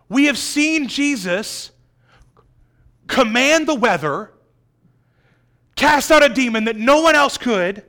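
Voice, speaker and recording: A man preaching a sermon, dramatic, swinging between loud emphasis and hushed, quiet lines. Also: very high-pitched. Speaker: pastor.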